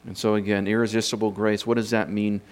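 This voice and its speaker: A man's voice: on the low side, flat delivery, fast talker. A man teaching from scripture in an unscripted sermon, thinking aloud and posing rhetorical questions to his listeners. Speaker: preacher teaching doctrine.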